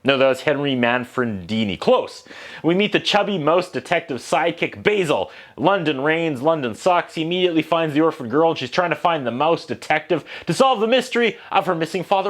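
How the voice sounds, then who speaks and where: A man talks through an old animated film in a casual, comedic review, with sarcastic asides all the way. His voice sits a little high and jumps around a lot. It sounds like a relaxed home recording. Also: fairly quick. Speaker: movie review vlogger.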